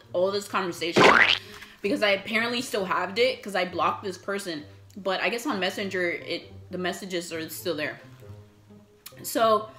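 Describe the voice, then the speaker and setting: In an echoey room with faint music playing, a young adult woman vlogger eats and spins a casual, chatty story. She swears a lot and performs other people's quotes, her mid-range voice sounding pushed and bright.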